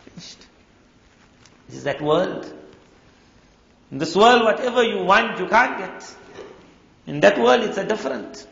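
Man, sermon, high voice, gravelly, storytelling, echoey hall. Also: lively intonation, measured pace, pauses often, a bit bright. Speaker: Islamic preacher. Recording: echoey hall, dull lo-fi sound.

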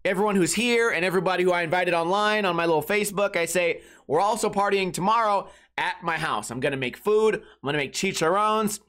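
High-voiced crude rambling podcast host. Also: male voice, quick pace, few pauses, fairly bright tone. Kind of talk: casual comedic storytelling.

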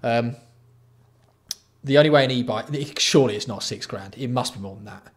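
A man's voice: mid-range voice, moderate pace. Sweary, exasperated man ranting. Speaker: livestream host. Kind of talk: casual live-stream commentary.

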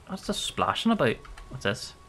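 A man's voice: a little high, sing-song, normal speed, a bit bright, faint music behind. A man streaming a survival game, reacting jumpily with exclamations and swearing while talking to his chat. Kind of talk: live game commentary.

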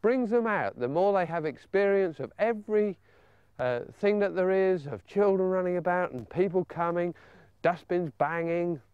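An older English man with a genial, chatty manner, explaining dog training and coaxing a pup in a high sing-song. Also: normal speed, clear, resonant tone, no echo, dull audio. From England. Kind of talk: outdoor training demonstration.

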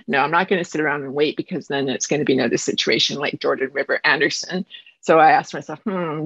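A woman teacher from Canada presents at an online conference from her home. She talks fast and earnestly, a little nervous, and her voice is husky. The video-call audio is dry and dull. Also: low-pitched, a bit bright, dry recording. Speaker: high school math teacher presenting a project.

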